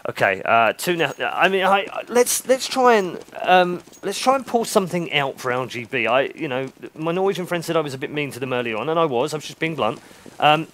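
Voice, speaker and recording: A man calling a live esports match, his voice sitting on the higher side and bouncing all over the place as he talks. He drops play-by-play between teasing jokes with his co-caster. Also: very animated, fairly quick, a bit bright. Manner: joking, teasing banter. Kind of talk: live game commentary.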